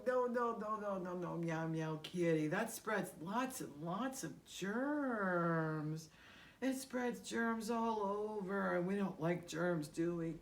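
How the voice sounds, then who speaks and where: A woman's voice: mid-range voice, takes it slowly. A woman hosting a children's puppet show, patiently explaining things to her puppet in a sing-song way.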